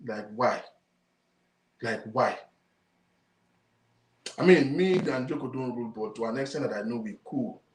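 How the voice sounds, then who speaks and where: A man's voice: medium pitch, expressive, quick pace, hardly any pauses, a little mellow, a little hiss or hum. A man with a Nigerian accent hosting his own talk show, ranting emphatically to viewers and repeating his points. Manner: emphatic, indignant, repeats himself, mixes in Yoruba. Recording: roomy echo.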